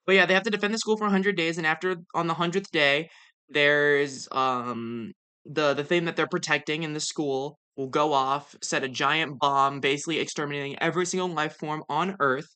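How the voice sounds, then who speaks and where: A young woman streamer chatting casually over a game, excitable and gushing, often stumbling over her words. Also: sits low, clear, resonant tone. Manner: excitable, gushing, with fast repeated restarts. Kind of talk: casual let's-play commentary.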